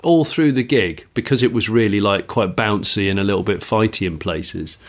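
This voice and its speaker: A man chatting casually as a podcast co-host. His voice is a little lower than average. He drops dry jokes and self-deprecating asides into the conversation. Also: moderate pace. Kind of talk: casual chat.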